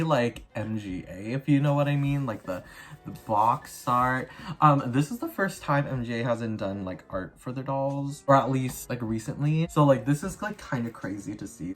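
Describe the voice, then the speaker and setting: A man's voice: mid-range voice, slightly rough. A man hosting a casual doll unboxing vlog, chatty and upbeat, full of "like" fillers. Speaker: doll collector YouTuber.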